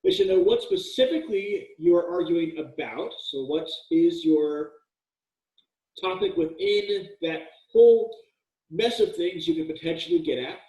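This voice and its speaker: A man's voice: high voice, big pitch swings, measured pace, mellow. A male college writing instructor giving a casual, joking lecture with frequent fillers and restarts, recorded in an echoey room with the mic at a distance.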